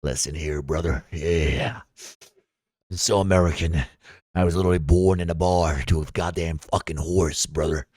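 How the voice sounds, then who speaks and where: A man's voice: low voice, fairly even intonation, normal speed, darkish tone, no echo, clean studio sound, voice pushed down. A man voicing a brash, boastful American good-ole-boy who calls everyone brother and drawls his tall tales.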